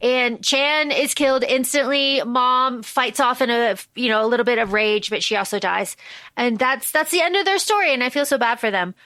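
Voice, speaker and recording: Woman podcast co-host, high bright voice, close dry sound, animated recap that swears freely. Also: normal speed, no echo. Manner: animated storytelling, acts out characters' lines, swears freely. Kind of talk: casual movie recap chat.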